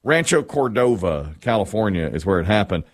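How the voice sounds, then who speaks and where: A man's voice: lowish voice, normal speed. A middle-aged man hosting a casual talk show, retelling a news story and acting out the quotes. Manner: animated storyteller, acts out quotes. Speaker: radio show host.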